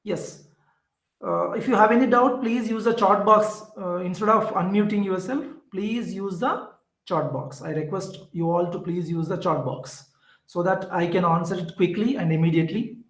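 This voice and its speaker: A man with an Indian English accent teaching an online class, explaining slowly and repeating key points with fillers. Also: sits high. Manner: slow, repetitive explaining with fillers. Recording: echoey room.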